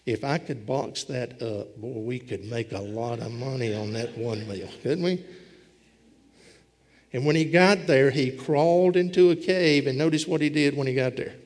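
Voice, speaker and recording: A man with a medium-pitched, darkish voice preaches a sermon as a pastor at a normal speed. He has a folksy storytelling manner and voices the characters from scripture. The recording carries a long hall reverb.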